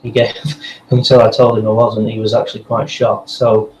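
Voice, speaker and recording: A man's voice: fairly low pitch, completely flat delivery, normal speed, a little mellow. A man, a voice actor chatting loosely in an interview, rambling with restarts. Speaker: voice actor guest. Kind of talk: casual interview chat. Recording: echoey room with faint noise.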